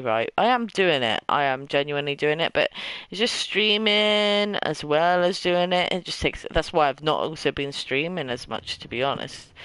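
A man's voice: fairly high pitch, a bit bright, clear, resonant tone, dry recording, rough recording. Chatty British young man with a lisp. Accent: British English. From Britain. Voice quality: slight lisp. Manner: rambling, self-deprecating and chatty. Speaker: streamer. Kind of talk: casual live-stream chat while gaming.

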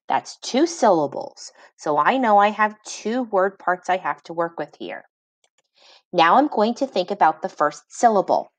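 A woman reading teacher giving a phonics lesson to children, sounding words out slowly syllable by syllable and praising each try. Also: lowish voice, lively intonation, no echo.

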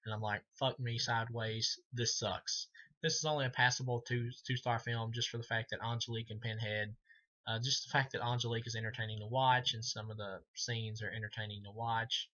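Rambling, swearing man with a bright voice. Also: medium pitch, level tone, fairly quick, lo-fi sound. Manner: rambling, heavy swearing, frequent fillers, laughs at his own jokes. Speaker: film reviewer. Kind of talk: casual profane movie review.

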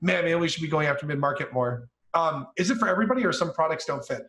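A man with a rather high, bright voice rattles off questions very quickly. He rambles and stacks several questions into one. His voice is recorded in an echoey room. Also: expressive. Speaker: podcast host. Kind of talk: casual podcast interviewing.

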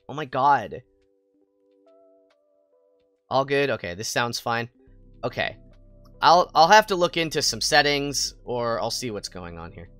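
A young American man chatting playfully while streaming a game, prone to excited squeals. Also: medium pitch, moderate pace, pauses often, no echo, faint music behind. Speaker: VTuber streamer. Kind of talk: casual gaming stream chat.

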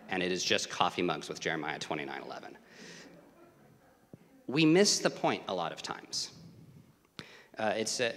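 A man preaching a sermon as a guest preacher, animated, building to raised emphatic passages and dropping to hushed asides. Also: lowish voice. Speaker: guest preacher, student ministry director. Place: church sanctuary. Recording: long church hall reverb.

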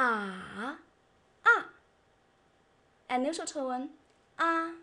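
High-pitched woman teaching a lesson, talks real slow and clear. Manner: slow, carefully enunciated, demonstrating tones. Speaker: Chinese teacher. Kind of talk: scripted language lesson.

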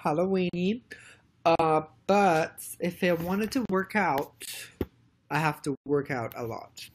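A young woman chatting casually on a live stream, rambling and excitedly thanking viewers by name. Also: fairly low pitch, slow, slight background noise. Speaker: livestreamer.

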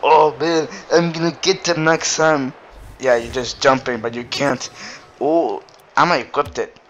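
A man's voice: fairly high pitch, fairly even intonation, unhurried, a bit bright. A man giving casual gameplay commentary, giggling and playing up mock anger with lots of rambling filler sounds. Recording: dull lo-fi mic with faint noise.

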